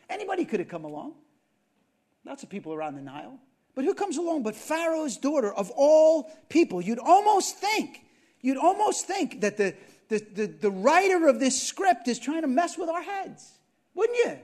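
A man's voice: very high-pitched, darkish tone. A man preaching a sermon, retelling a story with asides and frequent questions to his listeners. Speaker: pastor.

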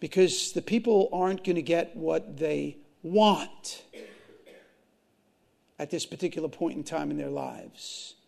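Preacher guy, high gravelly voice, goes loud then real quiet, keeps repeating himself. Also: measured pace. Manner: impassioned, swings from loud to hushed, repeats phrases, addresses congregation. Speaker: pastor. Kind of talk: sermon.

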